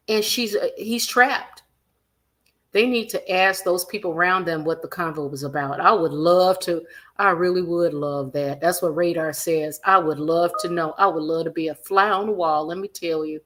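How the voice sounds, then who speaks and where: A woman hosting a celebrity gossip livestream, animated and emphatic, repeating her points and reading viewer comments aloud. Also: on the low side, normal speed. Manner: animated, acts out quotes in other voices, reads viewer comments aloud; emphatic repetition.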